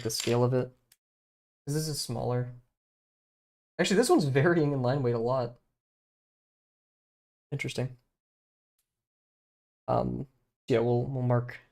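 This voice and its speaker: A man's voice: mid-range voice, vocal fry, mellow. A man streaming himself drawing, thinking aloud in a rambling, hesitant way with lots of fillers and small self-deprecating laughs. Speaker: streamer learning to draw.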